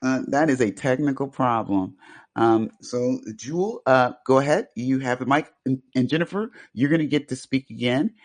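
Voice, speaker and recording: A man hosting a podcast, passing the mic around in a loose, halting way with many fillers. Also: medium pitch. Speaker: podcast host. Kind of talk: casual moderating.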